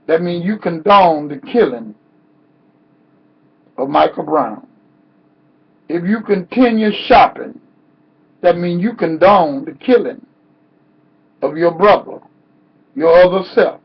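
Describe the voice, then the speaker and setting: A man's voice: sits high, breathy edge. A man giving an impassioned protest speech with a preacher-like cadence that rises into cries, heard on a dull lo-fi recording. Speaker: activist speaker. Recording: dull lo-fi sound.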